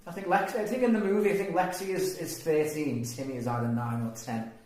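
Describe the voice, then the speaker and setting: A man's voice: on the high side, fairly even intonation, brisk, darkish tone. A man co-hosting a casual movie review chat, rambling and restarting his words. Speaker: podcast co-host. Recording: very echoey room, faint noise.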